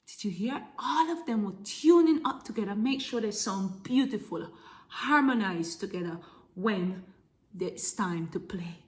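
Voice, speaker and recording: A woman teaching preschool children about music, reading from a picture book in a gentle, expressive way with hushed asides. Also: mid-range voice, unhurried, a little hiss or hum. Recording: faint music playing behind.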